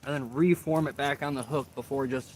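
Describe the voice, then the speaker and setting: A man's voice: medium pitch, fairly even intonation, fairly quick, a little mellow. A man from Florida hosting a casual livestream outdoors while fishing, chatting and tossing questions to his viewers. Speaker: livestream host. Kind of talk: casual live-stream chat with viewers. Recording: noisy outdoor livestream audio.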